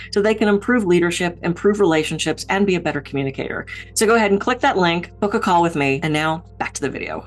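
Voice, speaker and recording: A middle-aged woman from Pittsburgh giving a motivational talk as a keynote speaker, with a high-energy and direct delivery. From Pittsburgh, USA.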